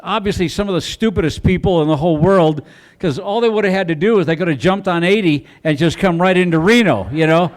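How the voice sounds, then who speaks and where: Rambling stand-up comic, slightly high voice. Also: male voice, quick pace. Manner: rambling, self-deprecating delivery with frequent restarts. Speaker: stand-up comedian. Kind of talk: stand-up comedy set. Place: comedy club stage.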